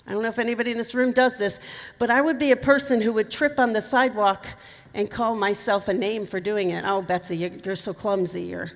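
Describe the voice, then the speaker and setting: Woman, middle-aged, gravelly voice, speaking in a conference hall with long reverb, candid storytelling. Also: fairly high pitch, a little fast. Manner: candid, emotional storytelling with humor. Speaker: keynote speaker. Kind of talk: personal story talk at a conference.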